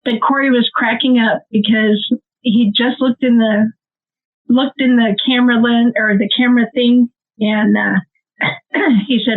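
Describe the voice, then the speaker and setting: A woman's voice: a little high, measured pace. Middle-aged Midwestern American woman telling a story over a tinny line. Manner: animated storyteller, laughing through her story. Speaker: nonprofit co-founder; guest. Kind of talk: emotional storytelling. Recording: tinny phone-like call audio.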